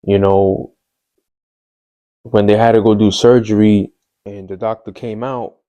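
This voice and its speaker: A podcast host with a lowish, level voice speaks a little slowly in a clean recording. He shares a personal story candidly and ramblingly, full of fillers and street slang, and later turns hushed and subdued.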